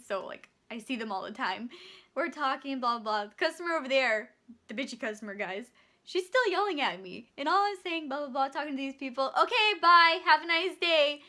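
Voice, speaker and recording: A young woman in her twenties tells a storytime vlog with a high voice. She is animated and acts out both sides of the scene, and her tone comes across bright and sharp. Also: fairly quick. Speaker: vlogger and store bakery clerk.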